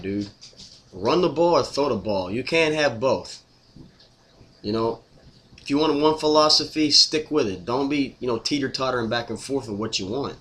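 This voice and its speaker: A man's voice: mid-range voice, normal speed, pushed and bright, slight background noise. A man ranting casually to camera as a sports fan, exasperated, repetitive and blunt.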